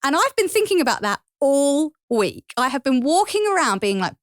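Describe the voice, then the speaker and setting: A woman with an East London accent, a podcast guest telling stories in a casual, animated way and laughing often. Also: sits high, moderate pace, dry recording, clean studio sound. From England. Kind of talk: casual chat.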